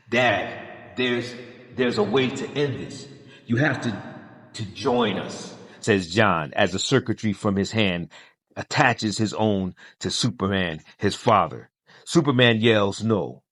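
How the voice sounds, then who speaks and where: A man's voice: fairly low pitch, a bit bright, dry recording, clean studio sound. A man narrating a comic book story, reading every character's lines with little change of voice between quotes.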